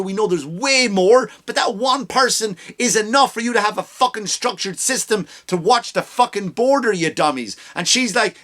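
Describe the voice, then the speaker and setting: A man's voice: high voice, sharp tone. A man hosting a comedy podcast, ranting with heavy swearing and sarcasm, often mocking people in put-on voices. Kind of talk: profane comedic rant.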